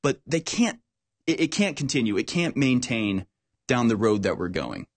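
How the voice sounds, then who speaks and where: A man hosting a talk show, speaking in an animated, emphatic way and repeating words when worked up. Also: mid-range voice, moderate pace. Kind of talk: casual political talk.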